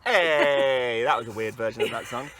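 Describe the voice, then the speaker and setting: A man's voice: mid-range voice, moderate pace, crowd noise. A man musician thanking the festival crew and audience, effusive and grateful. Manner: warm, effusive. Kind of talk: thanking the audience after a song.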